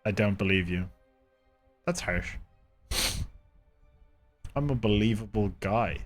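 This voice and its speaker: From his own room, a man livestreams a game, rambling casually and chatting with viewers. His voice is lowish and slow, with faint music in the background.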